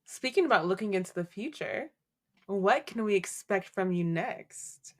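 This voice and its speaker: A woman hosting a casual podcast interview, asking supportive questions in a halting way with restarts. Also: medium pitch, lively intonation. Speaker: podcast host.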